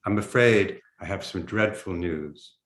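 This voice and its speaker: Brief: haughty upper-class English mother, hushed and cutting, low voice, roomy echo, as a male reader puts her on. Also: normal speed, natural voice. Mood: grave.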